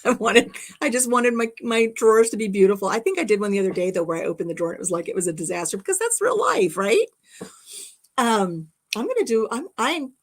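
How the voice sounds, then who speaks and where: Chatty middle-aged woman on a home livestream. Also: medium pitch. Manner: rambling, chatty, reads viewer comments aloud. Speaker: livestream host. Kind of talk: casual livestream chat. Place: home craft room.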